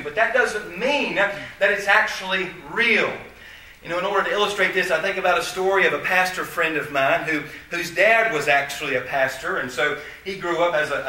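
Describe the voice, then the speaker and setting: A man preaching a sermon as pastor, earnest, with frequent restarts and slow, stressed phrases. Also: high-pitched, sharp tone. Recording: very echoey hall, voice from far off.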